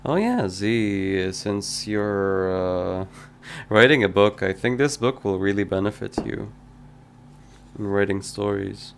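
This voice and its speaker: Man, game dev streamer, unhurried and low, reads chat aloud and muses back, faint hum behind. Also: creaky. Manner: reads viewer messages aloud and replies, hesitant and musing. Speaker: indie game developer streaming his work. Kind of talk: casual live-stream chat.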